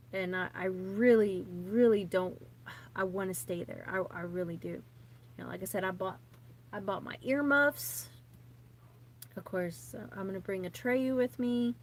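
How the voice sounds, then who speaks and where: A woman's voice: fairly low pitch, slight background noise. A woman in her thirties, a vlogger, rambling chattily and nervously to camera with many fillers and restarts. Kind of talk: casual rambling chat to camera.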